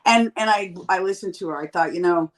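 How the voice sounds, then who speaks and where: A woman in her fifties in candid casual chat, telling blunt, profane stories with lively quoted voices. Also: on the low side, a little fast, rough recording. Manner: blunt, profane, animated storyteller. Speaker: podcast guest.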